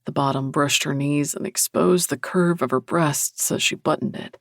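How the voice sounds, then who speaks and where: Gravelly male audiobook narrator. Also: fairly high pitch, steady tone, moderate pace, fairly bright tone, dry recording, studio quality. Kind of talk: first-person romance narration.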